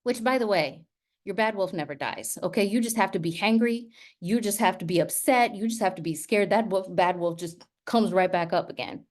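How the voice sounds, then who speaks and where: A woman with a mid-range voice, speaking at a moderate pace, gives a storytelling talk as a teacher and speaker. She tells her stories in a lively way and keeps checking in with listeners, often tossing in "right?"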